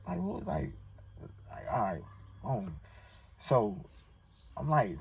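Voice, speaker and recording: A man's voice: medium pitch, very animated, slow, vocal fry, pauses often. Baltimore man telling a grieving story. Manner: emotional, slangy, rambling retelling. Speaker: guest. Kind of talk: personal storytelling in casual chat. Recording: distant mic with faint noise.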